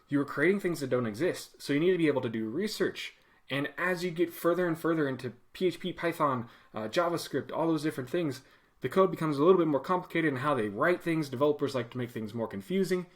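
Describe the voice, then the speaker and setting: A man teaching web coding as an instructor in a casual screen-share lesson, animated and acting out commands in a loud put-on voice. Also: medium pitch.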